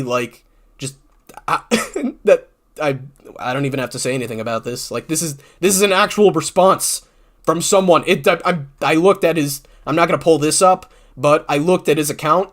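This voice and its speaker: A man's voice: fairly high pitch, a bit bright. A man, a YouTuber, ranting about online comments in an exasperated, sarcastic way, swearing often and restarting his sentences.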